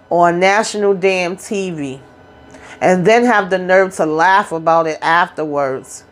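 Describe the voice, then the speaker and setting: Woman, recap host, lowish pitch, blunt, profane, conversational. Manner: blunt, profane, retells scenes in quick acted-out quotes. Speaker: YouTube reality TV recap host. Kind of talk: casual spoken recap.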